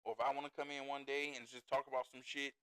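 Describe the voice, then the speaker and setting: A man's voice: medium pitch, flat delivery, fast talker, pushed and bright, clean tone, low-quality recording. A man hosting a casual talk podcast, blunt and laughing, swearing freely as he wraps up the show. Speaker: podcast host. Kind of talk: casual chat.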